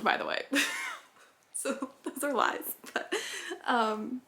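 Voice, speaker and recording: Giddy, slow-talking young woman vlogger. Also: on the high side, fairly even intonation, a bit bright. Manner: giddy, self-conscious, laughs often, trails off. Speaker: writing vlogger. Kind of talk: casual chatty unboxing.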